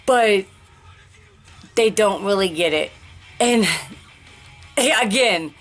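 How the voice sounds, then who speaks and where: A woman speaks candidly in a personal vlog, at a middle pitch, slowly and deliberately. She rambles, hunts for words, restarts her sentences and sighs between thoughts. Faint music plays quietly underneath. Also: expressive. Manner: slow, deliberate pacing. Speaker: vlogger sharing life after a stroke.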